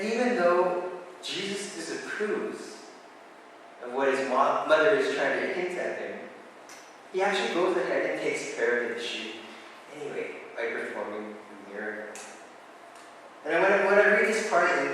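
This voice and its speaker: A man's voice: fairly high pitch, fairly bright tone, slight background noise. A man preaching a sermon, talking to the congregation in a conversational way with relatable asides. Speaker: pastor. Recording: echoey hall, voice from far off.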